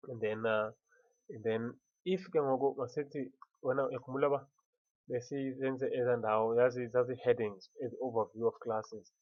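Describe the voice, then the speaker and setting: A man with a Xhosa accent walking through a software tutorial, switching between Xhosa and English and stopping to restart words often. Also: mid-range voice, steady tone, no room sound, dull audio. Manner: mixes Xhosa and English, halting with many restarts. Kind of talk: screen-recorded software tutorial.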